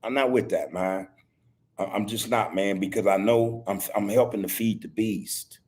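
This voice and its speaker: Husky man preaching to his listeners. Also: on the low side. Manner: preachy, repeats himself, street slang like "homie" and "man". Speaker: podcast host. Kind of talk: casual monologue. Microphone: video call.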